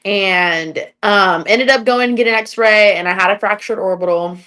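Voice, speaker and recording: A woman's voice: mid-range voice, normal speed, bright, forceful tone, smooth. A young adult woman, an MMA fighter, chatting as a podcast guest and telling stories, with lots of "like" fillers. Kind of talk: casual interview storytelling.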